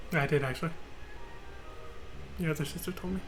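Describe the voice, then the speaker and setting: A man's voice: a little high, a little fast, long pauses, a bit bright, faint music behind. A man streaming a video game live, chatting casually and cursing often. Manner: casual, profane, laughs often.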